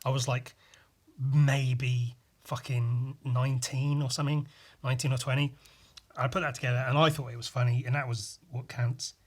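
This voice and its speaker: Young man rambling on his podcast. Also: medium pitch. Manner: meandering, full of fillers and swearing. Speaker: podcast host. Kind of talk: rambling solo podcast monologue.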